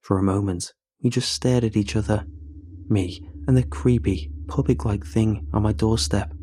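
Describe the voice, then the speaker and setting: A man narrating a horror story in a measured, somber way. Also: on the low side, steady tone, dark tone, slight background noise.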